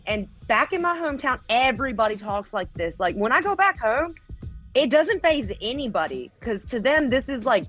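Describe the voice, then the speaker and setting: A woman's voice: a little high, normal speed, soft background music. A young adult woman with a North Carolina accent, chatting casually as an interview guest. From rural North Carolina, US. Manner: relaxed, chatty, many "like" fillers. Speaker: guest, TikTok creator.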